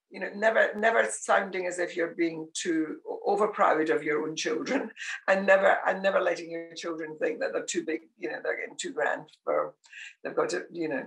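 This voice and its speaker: A woman's voice: lowish voice, vocal fry. An older woman, a podcast guest telling family anecdotes with frequent laughter. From Scotland. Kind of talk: conversational interview.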